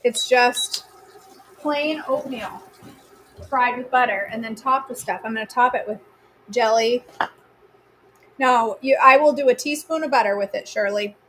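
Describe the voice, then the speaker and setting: A woman's voice: a little high, measured pace, long pauses, fairly bright tone, a little hiss or hum. A woman with a Maine accent hosts a live cooking stream from her home kitchen. She chats casually and teasingly, answering viewers by name as she cooks.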